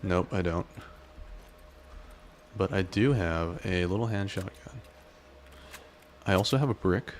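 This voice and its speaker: A man casually commenting on his gameplay and chatting with his viewers in a relaxed way. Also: deep voice, unhurried, long pauses, a little hiss or hum. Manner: relaxed, chatty, talks to chat. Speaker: game streamer.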